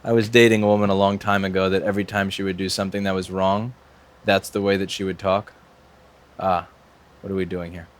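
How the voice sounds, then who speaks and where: A man's voice: low-pitched, level tone, fairly quick. A man in a repair workshop, explaining a circuit board fix live in a wry, profane way and talking to himself as he works. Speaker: repair technician.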